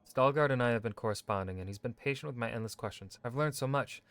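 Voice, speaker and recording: A man streaming a video game, reading in-game lore texts aloud in a measured, steady way with brief asides. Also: medium pitch, no room sound. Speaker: gaming streamer.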